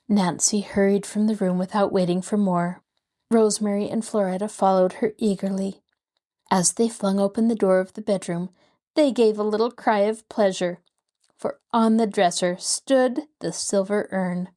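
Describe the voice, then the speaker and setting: A woman reading a novel aloud as host of a storytelling show and voicing its characters, her pitch rising on excited lines. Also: normal speed.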